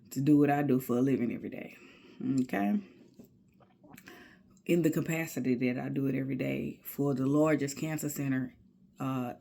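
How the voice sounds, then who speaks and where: A woman talking to her camera in a personal video journal, slow and reflective, often dropping into soft near-whispered asides between casual fillers. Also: a bass voice, vocal fry. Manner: casual, with many fillers and spiritual musing. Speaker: video diarist.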